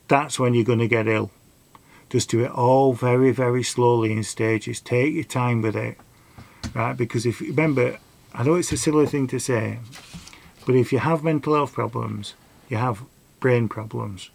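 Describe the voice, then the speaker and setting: A man's voice: medium pitch, a little slow, no echo. A middle-aged man, telling a rambling personal story and giving earnest advice in a casual vlog. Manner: rambling, earnest, dialect grammar. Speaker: vlogger.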